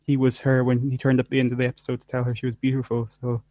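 A man's voice: mid-range voice, monotone, racing, dry recording. A man co-hosting a casual chat, rambling dryly with lots of fillers and trailing off. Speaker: podcast co-host. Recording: dry, dull lo-fi mic.

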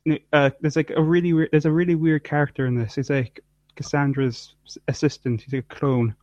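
A man's voice: fairly high pitch, little pitch movement, a little fast, a little mellow, no echo. Dry, rambling man on a lo-fi mic. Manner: dry, rambling, lots of fillers and trailing off. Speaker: podcast co-host. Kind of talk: casual chat.

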